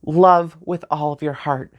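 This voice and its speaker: Woman, vlogger, tearful, slow delivery, halting with soft laughs. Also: deep voice, fairly even intonation, highs cut off. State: crying. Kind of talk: personal memorial vlog.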